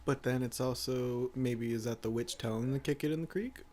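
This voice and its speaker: A young man co-hosting a film review podcast, mostly answering with short replies and quick remarks. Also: medium pitch, a little mellow. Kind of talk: casual chat.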